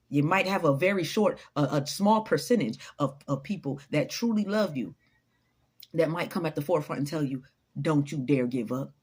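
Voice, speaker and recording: A woman's voice: sits low, lively intonation, normal speed, husky. A woman giving an unscripted motivational talk to her followers, blunt, profane and preachy. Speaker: motivational vlogger.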